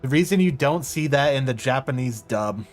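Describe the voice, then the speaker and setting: A male streamer talks casually over his game at an average pitch. He rambles, stops and restarts, and fills gaps with ums. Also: lively intonation, normal speed, soft background music. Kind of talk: casual live-stream commentary.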